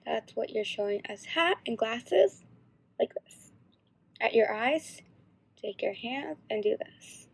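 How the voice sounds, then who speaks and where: A teenage girl explaining signs in a casual, halting tutorial. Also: fairly high pitch, expressive, creaky, breathy edge. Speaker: sign language instructor.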